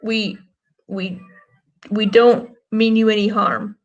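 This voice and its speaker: A woman's voice: mid-range voice, steady tone, slow pace, lo-fi sound. A woman playing a tabletop game, earnestly speaking to characters. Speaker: player. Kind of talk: casual game chat.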